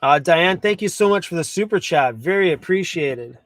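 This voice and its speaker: A man's voice: high voice, lively intonation, moderate pace, fairly bright tone, no echo. A man hosting a casual van life livestream, chatty and laid-back, swearing now and then. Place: inside a camper van.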